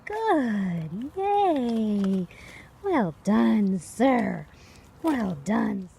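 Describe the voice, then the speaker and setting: Woman trainer outside, slow lively praise for dogs, warm tone. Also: mid-range voice, a little hiss or hum. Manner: short bursts of upbeat praise. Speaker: dog trainer.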